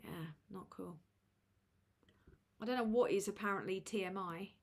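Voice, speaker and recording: Reading super chats aloud on her casual livestream, this host roasts people with crude sarcasm. Her voice is medium-pitched and creaky, and she talks at a normal speed.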